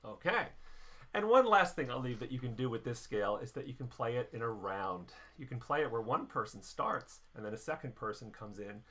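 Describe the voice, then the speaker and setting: A middle-aged man teaching a band warm-up lesson, explaining each step patiently. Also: mid-range voice, expressive, brisk, hardly any pauses, soft background music. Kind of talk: instructional lesson.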